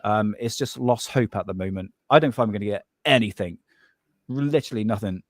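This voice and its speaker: Low-ish and brisk, this Southwest English co-host chats casually on a live stream with studio quality and no echo. He rambles, frequently restarts his sentences, and drops in "mate."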